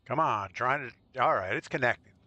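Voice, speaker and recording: A man's voice: medium pitch, lively intonation, normal speed, pushed and bright, no room sound, dull audio, faint music behind. A man chatting casually with his viewers while he plays and comments on a live game stream. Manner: chatty, talks straight to viewers between plays.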